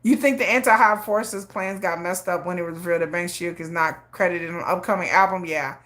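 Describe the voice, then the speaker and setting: A woman's voice: on the low side, brisk, a bit bright. A woman hosting a casual livestream, talking emphatically, often repeating herself and laughing. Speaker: livestream host.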